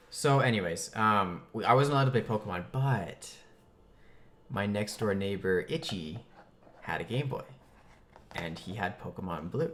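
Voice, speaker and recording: A man casually telling a comic childhood story, chatty and animated, with lots of fillers and bursts of mock outrage. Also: medium pitch, normal speed.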